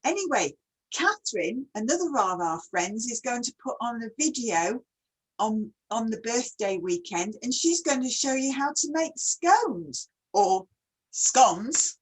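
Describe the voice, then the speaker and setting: A woman's voice: fairly high pitch, sing-song, moderate pace, slightly rough, low-quality recording. A woman hosting a casual online chat, who talks readily and keeps asking her guest questions. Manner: chatty, asks many questions. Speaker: host.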